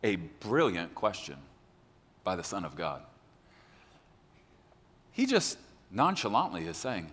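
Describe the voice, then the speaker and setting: A man preaching a sermon as pastor, animated and joking, acting out quotes in a large church. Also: deep voice, slow pace, long pauses. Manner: animated, jokey, acts out quotes. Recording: long hall reverb.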